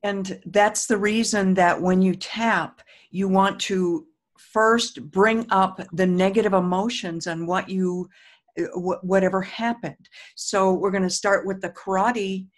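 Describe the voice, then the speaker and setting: A woman's voice: medium pitch, fairly even intonation, measured pace. Middle-aged woman host, earnest, emphatic; guided tapping with affirmations. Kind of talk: casual talk and guided tapping.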